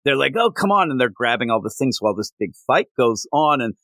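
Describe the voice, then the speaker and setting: A man co-hosting a comic review chat, rambling loosely and circling back as he explains. He restarts his sentences often, in a mid-pitched voice. The recording is dry, with no room sound. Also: quick pace, no echo. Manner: rambling, animated, with many restarts.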